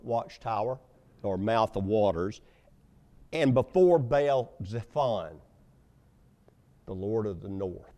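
A man preaches a sermon in a lively, storytelling way. His voice is dark and mellow, rising for emphasis and dropping to hushed asides. Pitch moves a lot from line to line. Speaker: pastor.

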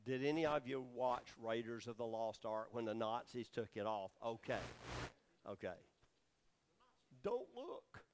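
A preacher teaching scripture in a Bible study, explaining words and putting questions to his listeners, with lots of fillers. His mid-range voice barely moves in pitch, at a moderate pace with hardly any pauses, over a noisy background.

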